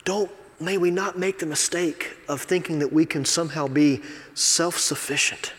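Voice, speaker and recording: Male assistant pastor, confessional sermon delivery, slightly raised pitch, echoing sanctuary sound. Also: moderate pace. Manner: confessional, conversational, swings from quiet asides to loud emphasis. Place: church sanctuary. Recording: long reverb of a church hall.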